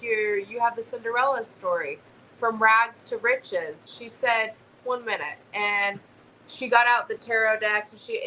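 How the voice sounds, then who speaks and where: A woman's voice: mid-range voice, slight background noise, low-quality recording. A young woman, telling a story as a guest in a casual chat. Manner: animated storyteller, swears casually.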